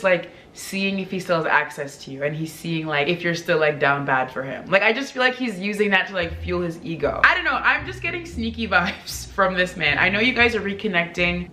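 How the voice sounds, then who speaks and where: A chatty woman vlogger talks straight to her viewers, leaning on "like" and leaping up in pitch for emphasis. Her voice sits on the low side yet cuts bright and forceful. The room rings with echo, and faint music plays underneath. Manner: chatty, peppered with "like", big swoops up in pitch. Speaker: vlogger reading viewer confessions. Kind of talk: casual chat.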